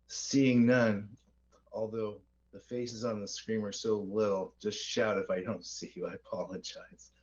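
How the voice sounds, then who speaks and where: Meeting chair, male, lowish voice, procedural and wry, muffled lo-fi sound. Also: little pitch movement, unhurried. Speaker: board chair running a public meeting.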